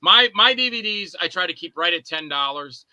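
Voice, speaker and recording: A man's voice: high-pitched, expressive, moderate pace, sharp tone, no echo. A man guesting on a podcast, chatting casually and rambling through stories where he acts out both sides of conversations. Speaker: podcast guest, indie filmmaker and actor. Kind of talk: casual chat.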